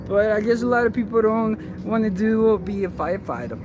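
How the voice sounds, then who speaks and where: A man's voice: high-pitched, a little fast, few pauses. A man vlogging casually as he walks outdoors through city streets, rambling and chatting straight to his viewers. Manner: rambling, chatty, talks to viewers while strolling. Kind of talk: casual walking vlog. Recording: loud street and traffic noise.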